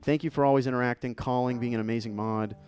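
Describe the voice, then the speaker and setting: A man's voice: mid-range voice, steady tone, fast, a little mellow, soft background music. A man hosting a live stream, opening fan mail and chatting in a playful, joking, thankful way. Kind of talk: casual live-stream chat.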